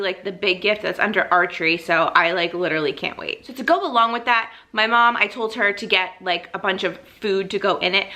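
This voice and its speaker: A woman's voice: medium pitch, pushed and bright. A young woman chatting to her camera as a vlogger, bubbly and gushing, a little out of breath, peppering her talk with "like". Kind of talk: casual chat to camera. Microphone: camera mic, seated.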